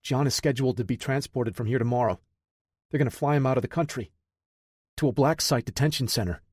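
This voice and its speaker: A man's voice: medium pitch, quick pace, breathy edge, dry recording, clean studio sound, pitched above the performer's own voice, close to an everyday voice. A man voicing an earnest, driven young male programmer in an audiobook, talking with urgency. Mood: urgent.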